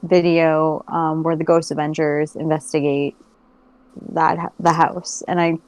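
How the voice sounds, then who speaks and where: A woman co-hosting a casual movie podcast, relaxed and chatty. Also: deep voice, measured pace, no echo, low-quality recording. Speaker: podcast co-host. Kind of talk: casual chat.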